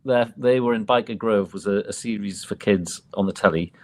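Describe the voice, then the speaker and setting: Laid-back male guest, lowish voice, rambles through anecdotes. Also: a little fast, a little mellow. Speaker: interview guest, music producer. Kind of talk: casual chat.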